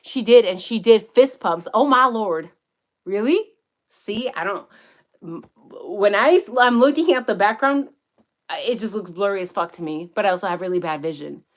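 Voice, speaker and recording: A woman giving casual livestream commentary outdoors in the woods, profane, excitable and rambling as she reads the chat. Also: medium pitch, moderate pace. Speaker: true-crime commentator.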